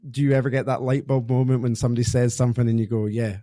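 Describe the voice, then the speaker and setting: Podcast host, a man in his thirties: mellow, hesitant and reflective, recorded dry and close. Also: medium pitch, steady tone, very fast, no room sound. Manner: hesitant, reflective, lots of restarts. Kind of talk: interview conversation.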